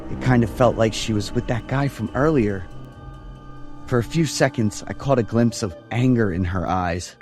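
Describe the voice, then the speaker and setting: A man's voice: mid-range voice, normal speed. A man in his thirties telling a scripted first-person horror story in a casual, slangy way. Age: 30s. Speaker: narrator. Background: background music.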